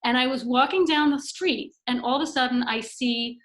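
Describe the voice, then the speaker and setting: Animated higher-voiced woman telling stories. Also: normal speed. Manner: animated storyteller, acts out quotes. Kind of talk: casual chat.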